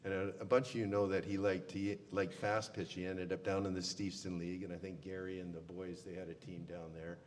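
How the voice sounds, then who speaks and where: Man, low voice, folksy funeral eulogy, reverberant hall. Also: flat delivery, fairly quick, hardly any pauses. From Canada. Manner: folksy storyteller with many fillers. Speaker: eulogy speaker. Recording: long hall reverb, faint room noise.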